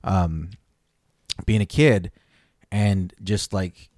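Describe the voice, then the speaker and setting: A man's voice: deep voice, steady tone, extremely slow, a little mellow, no echo, clean studio sound. An American man, a podcast co-host, chatting casually and telling stories with quoted voices. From United States. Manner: conversational, storytelling with quoted voices. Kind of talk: casual chat.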